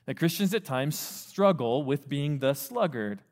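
A man preaching a sermon to a youth group, animated, acting out the voices of parents and teens. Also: a little high, measured pace. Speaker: youth pastor. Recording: long reverb of a hall.

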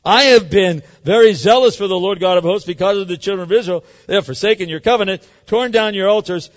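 A preacher putting on a whiny self-pitying prophet. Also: male voice, high voice, fast talker, long reverb tail, dull audio, voice pushed up, lightly acted. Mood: whining. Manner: whiny, complaining.

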